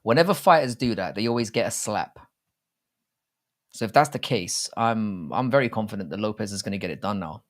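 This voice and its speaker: A man's voice: lowish voice, expressive, a little fast. Rambling, crude-humored male streamer. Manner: rambling, crude and jokey, with frequent restarts. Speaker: livestream host. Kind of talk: casual live-stream chat about fight betting.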